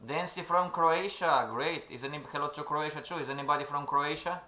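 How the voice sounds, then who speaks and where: A man's voice: on the high side, fairly quick, pushed and bright. A man giving a live-stream trading lecture, coaxing his audience and often asking if they agree. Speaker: trading instructor. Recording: roomy echo.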